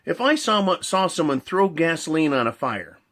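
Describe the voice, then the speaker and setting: A man's voice: fairly high pitch, big pitch swings, moderate pace, fairly bright tone. A man ranting in a monologue. He swears a lot, repeats his points, builds long analogies and keeps asking "right?". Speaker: commentator.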